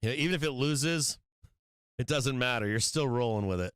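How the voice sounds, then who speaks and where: A man's voice: mid-range voice, normal speed, a bit bright, clear, resonant tone, no room sound. A man hosting a stock trading live stream, talking casually, swearing and venting frustration about his trades.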